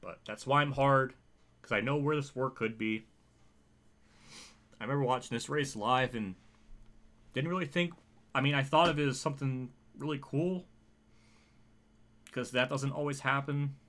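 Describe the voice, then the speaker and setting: Man, bright voice, emotional rambling stream commentary, swears freely. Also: mid-range voice, moderate pace, long pauses. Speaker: racing game streamer.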